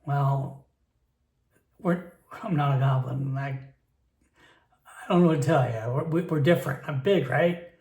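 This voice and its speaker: Figure: a man playing a big, earnest male hobgoblin adventurer. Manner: plain-spoken, a little louder than his narration. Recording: echoey room. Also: mid-range voice, measured pace, pauses often, lightly acted.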